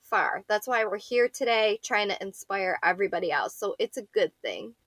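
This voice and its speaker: A woman in her thirties from Buffalo co-hosts a casual podcast chat, talking frankly and cursing freely. Her voice is bright and forward. The sound is dry and close, with no room around it. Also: medium pitch, expressive, moderate pace, no echo. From Buffalo, New York. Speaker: podcast co-host.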